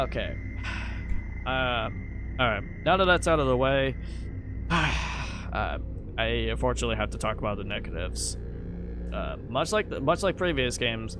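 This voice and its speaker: A man talking casually on a live stream, halting often with fillers and restarts. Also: medium pitch. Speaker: live streamer ranking games. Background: background music.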